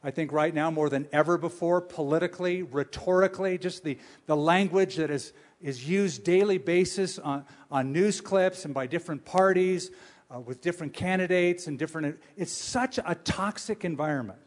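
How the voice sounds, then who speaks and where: Sex: man. Role: pastor. Style: sermon. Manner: animated, joking, asks the crowd questions. Pitch: fairly high for a man. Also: moderate pace. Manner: animated, humorous storytelling with audience questions.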